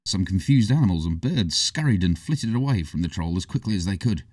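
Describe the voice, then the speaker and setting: A man narrating a storybook with a low, mellow voice that rises and falls in a lively way. He sits somewhat far from the mic in a dry room with no echo. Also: brisk. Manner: expressive, animated reading. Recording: distant, dry.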